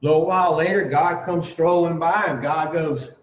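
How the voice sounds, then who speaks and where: A man's voice: fairly high pitch, steady tone, moderate pace, hardly any pauses. A man telling a folksy, profane recovery story to a group, acting out voices as he goes. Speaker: addiction recovery speaker. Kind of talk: casual storytelling talk. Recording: roomy dull recording from far off.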